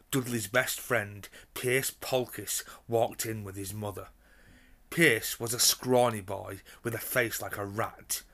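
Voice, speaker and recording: A man reading a children's novel aloud with expressive storytelling. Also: medium pitch. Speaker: reader. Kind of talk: storybook narration.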